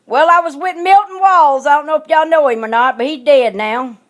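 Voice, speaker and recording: A woman with a high voice tells a personal story straight to her audience. She is blunt and outspoken, and she repeats her points to hammer them home. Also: a little fast. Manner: blunt, emphatic, repeats herself for stress. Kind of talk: emotional storytelling monologue.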